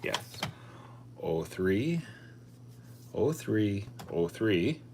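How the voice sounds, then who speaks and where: A man's voice: lowish voice, sing-song, drawn-out words, mellow, slight background noise. A man hosting a casual live stream, chatting and thinking aloud as he sorts coins, often correcting himself. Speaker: coin collecting channel host.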